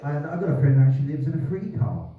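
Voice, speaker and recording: A man doing deadpan stand-up comedy and chatting with the audience in a live club. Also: fairly high pitch, very fast. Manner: deadpan one-liners, chats with audience. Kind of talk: live stand-up with crowd work. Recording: echoey venue from far off, phone-like band, crowd. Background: audience laughter.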